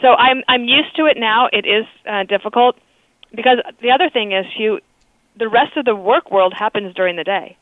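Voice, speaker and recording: A woman's voice: fairly high pitch, moderate pace, no echo. A woman guest phones in to a radio show and chats candidly, easing in the odd filler. The line sounds tinny and phone-like, with no room around her. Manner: chatty and candid, with small fillers. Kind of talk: phone interview on talk radio.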